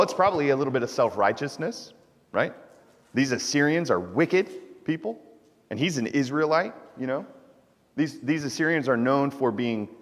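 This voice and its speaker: A man of middle pitch preaches in a relaxed, conversational style, often tossing quick asides to his listeners. His voice carries a long church reverb, as if picked up in the sanctuary during a service. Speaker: pastor. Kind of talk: sermon.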